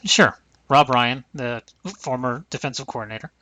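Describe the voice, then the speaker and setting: Bright-voiced, blunt podcast host man. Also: medium pitch, normal speed, dry recording. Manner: blunt, profane, rambling. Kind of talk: casual podcast chat.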